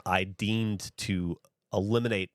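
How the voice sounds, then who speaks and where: Speaking slowly in a steady, lowish voice with no room sound, this Southern-born livestream host has no trace of a regional accent. He rambles and curses freely in a casual chat as he responds to comments from viewers.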